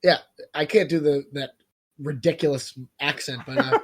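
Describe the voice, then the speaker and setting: A man's voice: a little high, moderate pace, husky. A man co-hosting a podcast, chatting casually with a provocative, mocking edge. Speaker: podcast co-host. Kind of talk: casual political chat.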